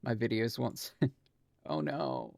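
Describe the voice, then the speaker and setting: Gravelly guy streaming a shooter, slow chatty talk, laughs and swears a lot. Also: lowish voice, very animated, no echo. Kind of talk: casual gameplay commentary.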